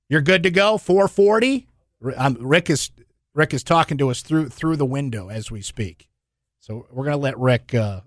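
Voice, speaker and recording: Energetic sports radio host, man. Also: medium pitch, no echo, studio quality. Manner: energetic, quick, chatty, laughs often. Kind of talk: casual sports talk radio. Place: radio studio.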